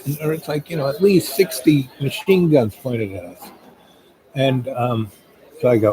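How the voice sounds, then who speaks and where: A man's voice: mid-range voice, a little slow, mellow, poor audio. Rambling middle-aged man telling a story. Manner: rambling, full of "um" and "you know". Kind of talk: casual spoken anecdote. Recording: crowd chatter in the background.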